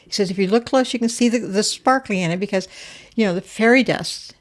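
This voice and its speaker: Older woman telling lively family stories. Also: mid-range voice, a little fast. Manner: animated, acts out quoted voices with laughs. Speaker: guest. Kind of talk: casual storytelling interview.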